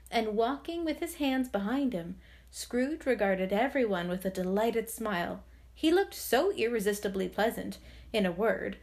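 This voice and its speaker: Reading a classic novel for an audiobook, a woman with a slightly high voice narrates in a measured, expressive storytelling style.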